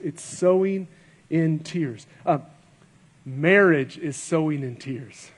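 A guest pastor preaching at a church service, a man with a noticeably high-pitched voice. He speaks earnestly and presses his points with rhetorical questions and repeated phrases. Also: takes it slowly. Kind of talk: sermon.

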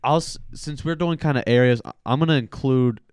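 Guy chatting on a podcast, smooth clear voice, dry close mic, keeps breaking into accent bits. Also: medium pitch, fairly quick, darkish tone, no room sound. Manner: chatty, rambling, drops into regional accent impressions. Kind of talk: casual podcast chat.

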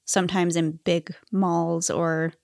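A woman's voice: lowish voice, level tone, takes it slowly, gravelly, darkish tone, dry recording, clean studio sound. A young woman co-hosting a podcast, chatting casually with frequent laughs and filler words. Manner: giggly, rambling with many fillers. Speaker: podcast co-host. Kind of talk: casual chat.

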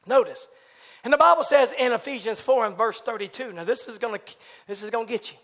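During a church service, a man preaches an animated, folksy sermon, swinging between loud exclamations and hushed asides and trading responses with the congregation. His voice is very high and his delivery brisk.

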